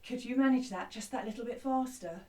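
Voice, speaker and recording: A woman's voice: fairly high pitch, a little fast, darkish tone, recorded from a distance. A woman teaching a children's music lesson who sings an action song and cheerfully explains each step. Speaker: primary school music teacher.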